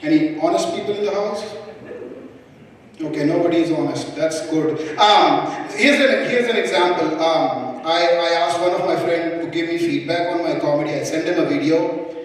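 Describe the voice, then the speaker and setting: A young man from India with an Indian accent, doing a live stand-up set with a halting delivery full of ums and restarts. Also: fairly high pitch. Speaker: stand-up comedian. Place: comedy club stage. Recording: echoey hall, mic far off.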